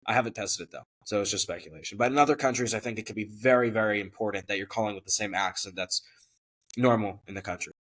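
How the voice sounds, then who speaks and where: A man as interview guest, explaining his company quickly and matter-of-factly. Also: lowish voice, fairly bright tone. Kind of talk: casual conversational interview.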